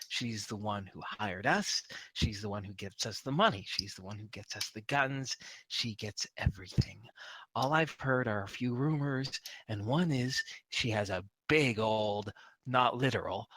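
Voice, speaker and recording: A man voicing a foul-mouthed, defiant criminal being interrogated, yelling insults. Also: no echo, rough recording. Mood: boastful. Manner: snarling, swearing, pitch leaps up when yelling.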